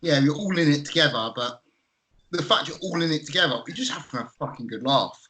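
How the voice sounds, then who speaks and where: A man's voice: on the high side, lively intonation, fairly quick, pushed and bright, slight background noise, rough recording. A man co-hosting a casual podcast chat, reminiscing in an easygoing way. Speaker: podcast co-host.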